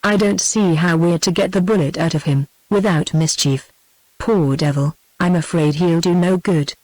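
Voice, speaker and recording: A woman's voice: lowish voice, moderate pace, darkish tone, dry recording, natural voice, low-quality recording. Brief: text-to-speech British woman voicing a gloomy old country doctor, dry close sound. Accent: British English.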